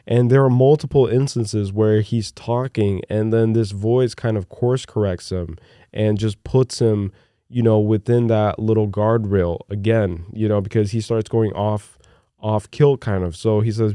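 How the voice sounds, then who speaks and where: A young man co-hosting a podcast in casual chat, rambling excitedly and peppering his talk with "look" and "dude". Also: fairly low pitch, a little slow, no echo, clean studio sound. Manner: animated and rambling, with many "look" and "dude" fillers. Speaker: podcast co-host.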